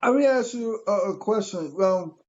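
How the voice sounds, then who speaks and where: A man from New York, a podcast guest in casual chat, talking haltingly and repeating words as he gets his sentences going. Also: high voice, expressive, a little mellow, slight background noise. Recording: dull lo-fi sound.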